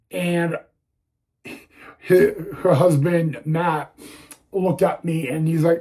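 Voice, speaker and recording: A young man telling a personal story on his vlog, halting and repeating words, audibly emotional and close to tears. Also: a little high, fairly even intonation, dark tone, slightly rough. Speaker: YouTuber.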